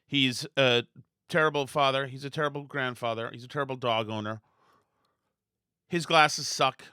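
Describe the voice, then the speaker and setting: A man's voice: medium pitch, fairly even intonation, normal speed, bright, forceful tone, clear, resonant tone, no echo, studio quality. A man hosting a political commentary podcast, ranting bluntly and scornfully with frequent restarts. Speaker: podcast host.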